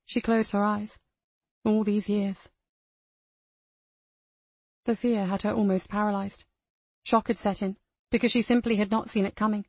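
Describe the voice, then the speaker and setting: Gravelly woman narrating an audiobook. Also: mid-range voice, flat delivery, brisk, dry recording. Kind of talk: scripted narration.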